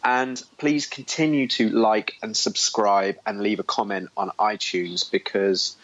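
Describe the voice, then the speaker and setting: A man's voice: fairly low pitch, fairly even intonation, unhurried, fairly bright tone. A man co-hosting a podcast in casual, joking banter, heard over muffled online call audio. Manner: joking, self-mocking banter. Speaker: podcast co-host. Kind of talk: casual chat. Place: call from abroad.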